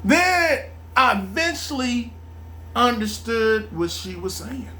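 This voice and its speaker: A middle-aged man casually telling a rambling personal story, repeating phrases, laughing often and mimicking his mother in a lower murmur. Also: animated, takes it slowly, sharp tone, slight background noise. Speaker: vlogger.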